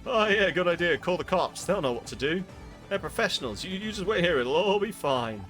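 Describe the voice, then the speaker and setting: A man playing a jittery security guard who stammers and frets in a strained, high voice. His pitch swoops around as he panics. Faint music plays underneath. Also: lively intonation, fairly quick, a bit bright. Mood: flustered. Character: nervous, jittery male security guard, easily queasy.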